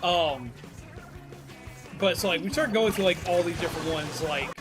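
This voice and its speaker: High-voiced Southern man telling stories. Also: normal speed. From Alabama, US South. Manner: rambling storyteller. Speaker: streamer. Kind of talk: casual chat while gaming. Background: game music.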